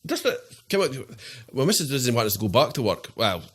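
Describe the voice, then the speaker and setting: Scottish male podcast guest, rapid, sweary, anecdote-heavy, acts out quoted voices. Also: mid-range voice, sing-song, fairly bright tone, slightly rough. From Scotland. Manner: swears freely, tells stories acting out quoted voices. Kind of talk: casual chat.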